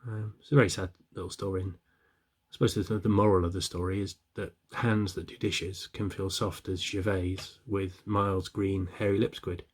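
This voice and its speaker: A man's voice: low voice, flat delivery, moderate pace, husky. A middle-aged man telling long shaggy-dog jokes in a rambling way, with many restarts. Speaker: joke teller.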